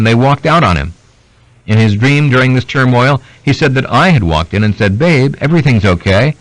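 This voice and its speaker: A man reading a biography aloud as an audiobook narrator, in steady scripted narration. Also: medium pitch, no room sound, rough recording. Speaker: audiobook reader.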